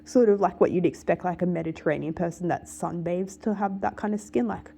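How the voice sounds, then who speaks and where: A woman's voice: lowish voice, a little fast, gravelly, dark tone, slight background noise. A woman talking casually to camera in a rambling, emphatic way, with many filler words. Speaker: vlogger.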